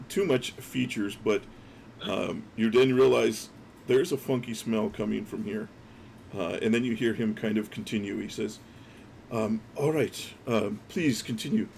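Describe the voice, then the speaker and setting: A man narrating a tabletop game as dungeon master. His voice is lowish and gravelly. He talks in loose, hesitant phrases with plenty of ums and uhs. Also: slight background noise. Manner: loose, filler-heavy narration.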